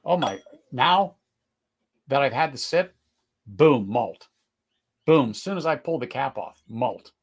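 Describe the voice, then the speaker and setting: A middle-aged man hosting a live whisky tasting, talking casually, searching for words, then bursting into excited exclamations. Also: medium pitch, moderate pace. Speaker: whisky tasting livestream host.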